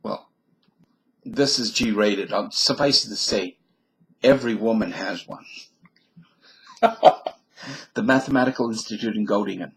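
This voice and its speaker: A man's voice: lowish voice, moderate pace, a bit bright, poor audio. A man reading a mathematician's biography aloud who keeps breaking off into wisecracking asides and comments on his own reading.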